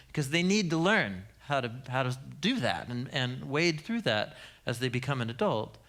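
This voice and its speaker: A male Bible teacher in his thirties delivers a sermon as a humorous storyteller who laughs often. His voice sits a little high, with lively, wide swings in pitch and a bright tone.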